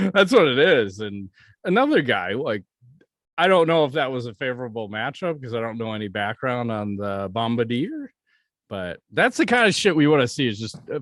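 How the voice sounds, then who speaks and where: A man chatting casually on a podcast, blunt and loose with the swearing. His voice sits at an ordinary middle pitch. The sound is dry and close, with no room echo. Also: fairly bright tone. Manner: blunt, profane, joking. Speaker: podcast co-host.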